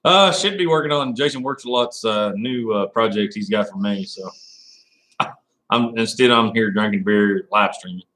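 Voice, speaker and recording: A man's voice: fairly low pitch, normal speed, a bit bright, low-quality recording. A man hosting a casual live stream, rambling and laughing as he talks to viewers by name.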